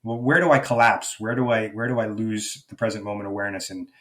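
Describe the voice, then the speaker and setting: A middle-aged man appears as a life coach guest in a reflective, conversational interview, thoughtful and searching, often restarting his sentences. His voice is on the low side with fairly even intonation, and he talks fast.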